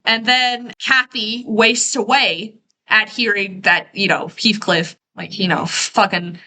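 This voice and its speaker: A woman in her twenties giving a casual, profane, sarcastic rant as she recaps a story, tossing in quick quoted asides. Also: mid-range voice, fairly even intonation, pushed and bright, rough recording. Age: 20s. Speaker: video essayist.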